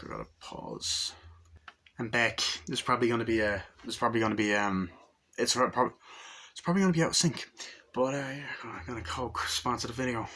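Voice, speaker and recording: Young male reviewer, low bright voice, rambles and mimics film lines. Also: a little hiss or hum. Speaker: movie reviewer. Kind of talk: casual movie review.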